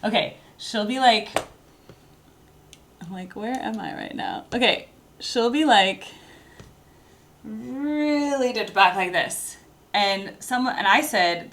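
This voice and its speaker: A woman hosting a music reaction video casually breaks down vocal technique while she watches, slipping in short sung demonstrations. Her voice is mid-range with a fairly bright tone.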